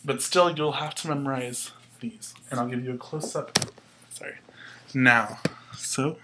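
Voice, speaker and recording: A man teaching a language lesson at a board, explaining patiently in a casual way, with fillers and quick self-corrections. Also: mid-range voice, fairly even intonation, heavy background noise. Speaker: Spanish teacher.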